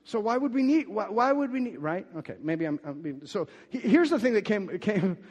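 Emphatic preacher in a reverberant hall. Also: male voice, high voice, very animated, normal speed, lo-fi sound. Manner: emphatic, rises and gets louder when quoting scripture; frequent restarts and repeated words. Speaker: pastor. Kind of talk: sermon.

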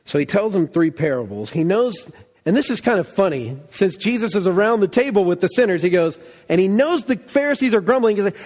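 A man preaches a sermon in a fairly high voice, animated and theatrical. He acts out quoted voices and swings from loud bursts to near-whispers. The sound carries a long reverb from a large church hall. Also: normal speed. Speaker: pastor.

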